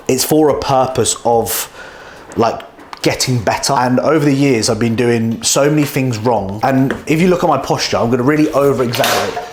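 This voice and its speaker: A man's voice: medium pitch, a little hiss or hum. A man in his thirties, a bodybuilding vlogger talking bluntly to camera indoors, swearing often. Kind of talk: casual vlog talking to camera. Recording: echoey indoor room.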